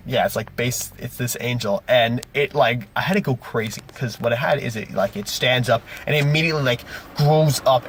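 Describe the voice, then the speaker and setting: A man's voice: medium pitch, a little hiss or hum. A man game master recapping a tabletop session in a casual vlog, rambling and correcting himself as he goes. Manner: rambling, self-correcting, animated retellings.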